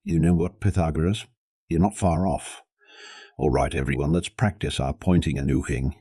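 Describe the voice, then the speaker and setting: A man with a very deep voice voicing a weary, patient human man teaching a group of aliens in an audio story. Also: steady tone, moderate pace, dark tone, no echo, studio quality. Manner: patient, long-suffering.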